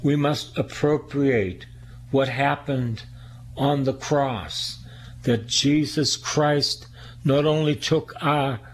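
A male priest preaching fervently, repeating phrases for emphasis. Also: mid-range voice. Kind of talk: radio sermon.

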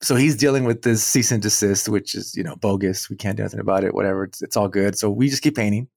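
A man, a muralist guest on an interview show, telling a story in an animated way and acting out the quoted dialogue. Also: on the low side, fast talker, vocal fry, no echo, studio quality. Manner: animated, acts out quoted dialogue, chuckles between points.

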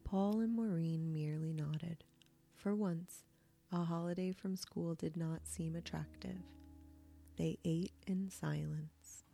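A woman host reading a bedtime sleep story aloud, soft-spoken and soothing. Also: fairly low pitch, steady tone, slow pace, creaky. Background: soft meditation music.

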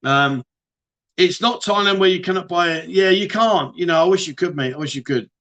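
Chatty high-voiced British man, livestream host. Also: a little fast, a bit bright, dull audio. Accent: British English. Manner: chatty, matey, addresses viewers as mate. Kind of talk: casual livestream chat reading viewer questions.

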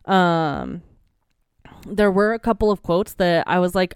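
A woman's voice: fairly low pitch, unhurried, smooth, no room sound, studio quality. A young woman co-hosting a podcast in casual chat, rambling and playful with lots of fillers. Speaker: podcast co-host. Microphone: desk microphone.

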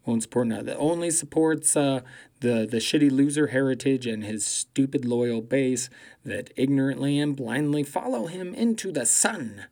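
A man doing a profane comedic political rant, swearing constantly, mocking loudly and laughing at his own jokes. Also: mid-range voice, normal speed.

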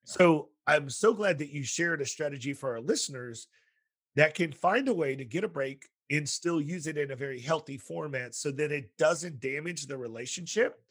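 A man's voice: fairly high pitch, moderate pace, husky. A man hosting a podcast, chatting casually with a guest and telling stories full of acted-out quotes. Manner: animated storytelling with quoted voices. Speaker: podcast host, school counselor.

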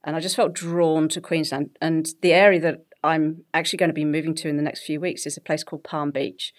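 A middle-aged woman with an English accent, a guest telling her story in a lively conversational interview, laughing often. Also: low voice, a little fast. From England.

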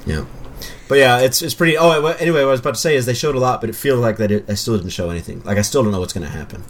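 A man's voice: mid-range voice, rapid-fire, slight background noise. A man co-hosting a casual podcast, rambling and restarting his sentences as he talks. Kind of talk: casual chat.

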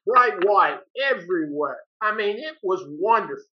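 A man's voice: high voice, animated, normal speed. An older man, a retired teacher, telling a story in a folksy, plain-spoken way and acting out both sides of each exchange. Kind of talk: casual storytelling. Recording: dull lo-fi recording.

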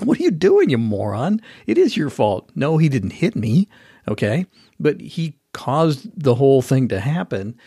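Husky man chatting on his podcast. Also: medium pitch, dry recording, studio quality. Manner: chatty, storytelling, animated when annoyed. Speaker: podcast host. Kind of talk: casual solo podcast talk.

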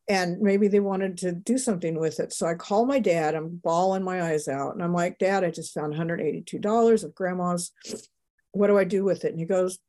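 Older woman guest, mellow tone, emotional and animated storyteller. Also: medium pitch, moderate pace. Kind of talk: personal testimony.

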